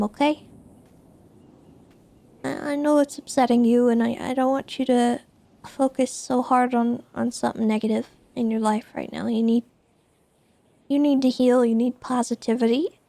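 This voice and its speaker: A woman in her thirties playing a gentle, reassuring police officer in a game role-play, often restarting her words. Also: sits high, gravelly, dry recording. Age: 30s. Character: calm woman police officer Tessa, caring.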